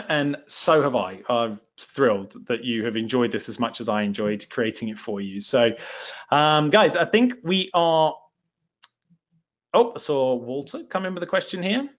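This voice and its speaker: A man's voice: fairly high pitch, expressive, moderate pace, fairly bright tone. Chatty southern English man, lo-fi. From England. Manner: chatty, self-deprecating, many fillers. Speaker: online course host. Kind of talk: live webinar Q&A.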